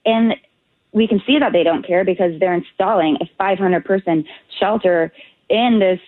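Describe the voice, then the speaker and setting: A woman's voice: medium pitch, normal speed, no echo. A woman correspondent speaking on a radio show over the phone, emphatic and indignant. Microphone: phone line. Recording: tinny phone line.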